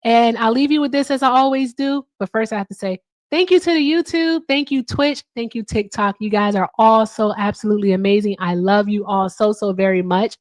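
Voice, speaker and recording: A woman's voice: on the high side, fairly quick, dry recording. An upbeat woman hosts a livestream and talks casually to her viewers. She keeps tossing in "all right" and swears without a second thought. Her voice is dry and close on a streaming mic. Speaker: livestream host.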